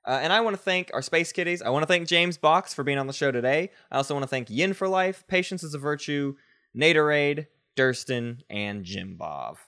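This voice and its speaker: A man's voice: on the high side, lively intonation, fairly quick, fairly bright tone. A man hosting a podcast, chatting casually with a guest in a playful, teasing way. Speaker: podcast host. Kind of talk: casual chat. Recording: faint music bed under the outro.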